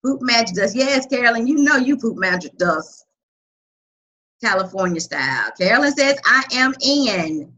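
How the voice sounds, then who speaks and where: A woman leads a live coaching webinar with loud, energetic delivery. Her voice is bright and a little husky, sitting somewhat high. She reads out her viewers' chat comments as she goes. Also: normal speed, dull audio.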